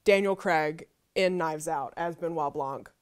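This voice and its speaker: A woman hosting a casual panel chat, animated and laughing often. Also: low-pitched, a little slow, clear, resonant tone. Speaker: host.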